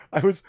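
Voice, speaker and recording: A man's voice: mellow, no echo, clean studio sound. A man hosting a late-night livestream chat, loose and rambling, laughing often as he tells stories and reads chat. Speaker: livestream host.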